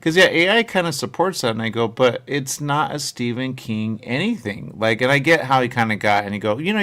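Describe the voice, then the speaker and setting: A man with a medium-pitched, slightly bright voice hosts a live radio show, rambling casually. He reads viewer chat comments aloud and keeps repeating himself, especially the phrase "there you go."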